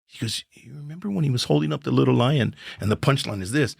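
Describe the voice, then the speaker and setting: An older male comedian, a podcast guest, tells stories casually in a mid-range, brisk, creaky voice. He is an animated storyteller who acts out the dialogue. The recording is dry and studio quality.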